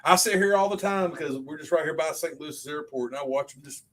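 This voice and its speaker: A man's voice: a little high, fast talker. A man co-hosting a podcast, telling stories in casual, profanity-laden chat. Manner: profane, animated storyteller. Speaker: podcast co-host.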